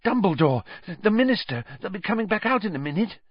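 A man's voice: a little high, big pitch swings, quick pace, breathy edge, no room sound, dull audio, pitched above the performer's own voice. A man voicing an anxious teenage girl who speaks in a choked, urgent, breathless way.

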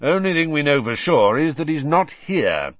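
A man voicing a gruff, scarred old male wizard with a growling voice, in a storybook reading. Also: a little high, sing-song, moderate pace, no room sound, dull audio, pitched above the performer's own voice.

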